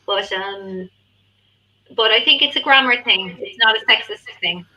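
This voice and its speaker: A woman's voice: mid-range voice, normal speed, pushed and bright, low-quality recording. A comedian woman, bantering and teasing on a comedy panel. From Ireland. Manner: chatty and teasing, laughs often.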